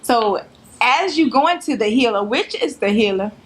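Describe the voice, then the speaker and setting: A woman hosts a church-style interview with a high voice. She is animated, cheers her guest on, and drops preacherly asides between questions. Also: moderate pace. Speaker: interview host.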